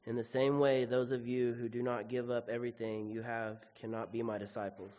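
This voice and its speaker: A man reading a scripture passage aloud in a steady, even way. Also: medium pitch, fairly quick, a little hiss or hum. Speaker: scripture reader. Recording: dull sound with long hall reverb.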